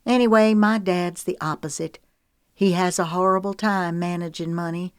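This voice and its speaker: A woman's voice: on the low side, fairly even intonation, moderate pace, clean tone, no room sound, clean studio sound, voice pushed up, natural voice. Woman voicing a wry young woman singer. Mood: rueful.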